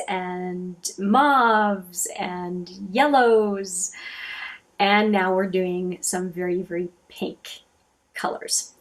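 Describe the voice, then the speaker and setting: Chatty woman swatching makeup. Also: mid-range voice. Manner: chatty, self-correcting, thinks aloud. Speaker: beauty vlogger. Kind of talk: casual makeup swatching vlog.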